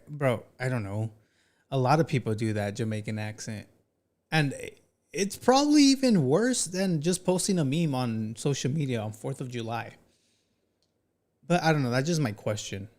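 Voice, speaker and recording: A man hosting a casual reaction commentary, animated and talking straight to his chat. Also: medium pitch, moderate pace. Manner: animated, talks to chat, says "bro" often. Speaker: commentary channel host.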